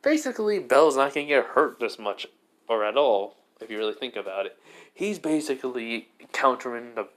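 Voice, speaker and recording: A man's voice: mid-range voice, big pitch swings, brisk, a bit bright. Rambling man telling a fan story. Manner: rambling, lots of fillers and restarts. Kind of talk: casual spoken fan-fiction narration.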